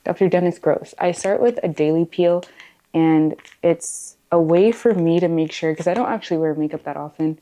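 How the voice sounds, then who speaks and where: A woman in her late twenties, born in Zimbabwe and raised in the US, talks through her get-ready routine in a casual, chatty way. Her voice sits on the low side and sounds warm and mellow. She breaks off for playful, joking asides. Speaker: beauty vlogger.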